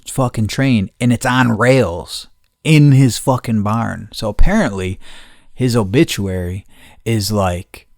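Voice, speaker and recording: Podcast host, middle-aged man, lowish voice, dry close mic, loose and profane. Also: no echo. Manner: rambling, heavy swearing, frequent restarts. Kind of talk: casual storytelling.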